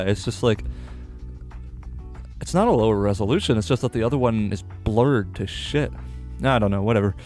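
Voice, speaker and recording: Sarcastic, low-voiced male game streamer. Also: fairly quick, a little mellow, soft background music. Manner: casual, sarcastic, swears and laughs often. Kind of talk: let's play commentary reading game dialogue aloud. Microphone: desktop USB microphone.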